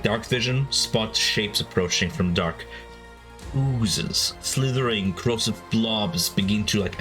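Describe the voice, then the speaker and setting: A man runs a tabletop game, narrating scenes in a low voice. He keeps it casual and loose, dropping "like" and "uh" throughout, over faint background music. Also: fairly bright tone, poor audio. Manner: casual, many fillers like "like" and "uh". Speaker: game master.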